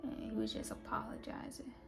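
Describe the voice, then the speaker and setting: A woman's voice: on the high side, level tone, a little fast, vocal fry, over loud music. A young woman vlogger telling a personal story in a chatty way, full of fillers and often dropping to a half-whisper. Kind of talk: casual storytime vlog.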